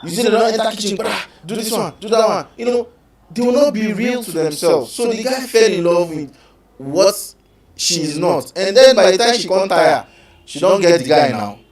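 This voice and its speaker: Animated Nigerian man hosting, echoey. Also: sits high, normal speed. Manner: animated, mixes pidgin, acts out quotes. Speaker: radio show host. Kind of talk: live call-in relationship talk. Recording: echoey room, distant from mic.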